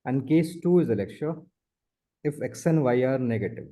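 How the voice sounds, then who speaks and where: A man's voice: medium pitch, lively intonation, moderate pace, warm tone. A man tutoring math one on one, explaining step by step and repeating his points. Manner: explains step by step, repeats points, often says the student's name.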